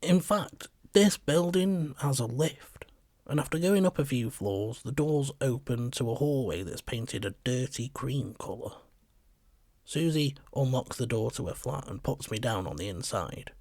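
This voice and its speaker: A man narrates a short story in a steady, measured voice at mid pitch. The recording is dry and close, with no room sound. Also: no room sound. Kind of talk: scripted narration.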